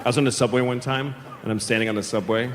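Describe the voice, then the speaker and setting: A man's voice: mid-range voice, fairly even intonation, fast talker, some chatter behind. A man doing a stand-up comedy set, telling rambling, profane stories in a loose conversational way. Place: large theater stage. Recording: long hall reverb with audience noise.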